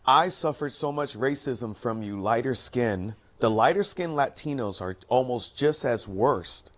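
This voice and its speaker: A man's voice: medium pitch, expressive, unhurried. Earnest man hosting a commentary show. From United States. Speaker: host. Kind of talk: casual commentary talk.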